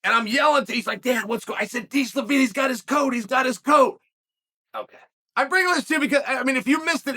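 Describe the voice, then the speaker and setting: A middle-aged man hosts a solo commentary in a very high, bright, forceful voice. He tells the story with excitement and breaks into emphatic shouts. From western United States. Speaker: host.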